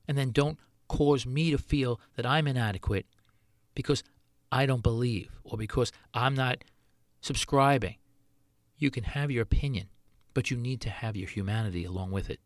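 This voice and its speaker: A man's voice: medium pitch, normal speed, no room sound, studio quality. A middle-aged man, a chef hosting his own podcast, talking earnestly in a solo monologue full of rhetorical questions.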